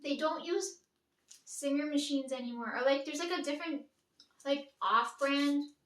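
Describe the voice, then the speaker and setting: A young woman with a bright, high voice chats loosely to the camera in a daily vlog, wandering from one thought to the next and swearing casually. She sounds a little far from the mic, in a room with a noticeable echo. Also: normal speed. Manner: rambling, chatty, swears casually, frequent "like". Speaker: vlogger. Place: room at home. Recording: echoey room, mic at a distance.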